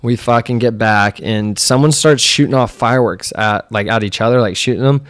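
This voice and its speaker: Young male podcast host, smooth resonant voice, dry close sound, loose profane storyteller. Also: medium pitch, moderate pace, no echo. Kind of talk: casual storytelling chat.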